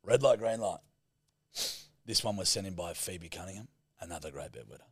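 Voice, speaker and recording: A man in loose, crude comedy banter, teasing his co-host. His voice sits low but swings widely, and the recording is dry and close. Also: animated, fairly quick, husky, no room sound. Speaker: podcast co-host.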